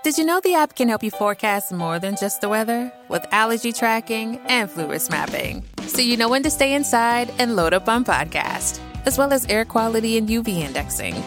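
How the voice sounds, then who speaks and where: A woman's voice: fairly high pitch, animated, a little fast, few pauses. A woman reading a scripted radio-style ad in an upbeat way. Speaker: ad announcer. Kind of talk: scripted ad read. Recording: music under the read.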